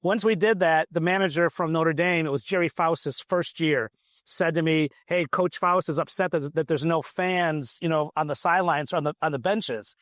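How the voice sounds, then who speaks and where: A man recalls his first days as a team manager, animated and punchy as he plays each character in the story. His voice is a touch higher than most men's. The recording is dry and close. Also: normal speed, no room sound. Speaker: former football student manager. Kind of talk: casual storytelling interview. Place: outdoors at a golf event.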